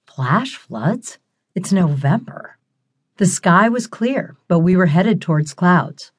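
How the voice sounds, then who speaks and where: A woman reads a first-person audiobook in a wry, expressive storytelling manner. Her voice sits a little low for a woman. She keeps the narration flowing and lively. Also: slow, slightly rough.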